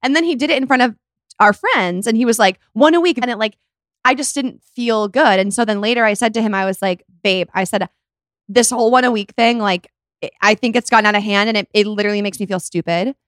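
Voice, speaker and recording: A young woman hosts a casual podcast and tells her stories with animated energy, jumping into little acted-out quotes. Her voice sits at a middle pitch and sounds close and dry. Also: quick pace, dry recording. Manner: animated storyteller who acts out quotes. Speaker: podcast host. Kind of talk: casual chat.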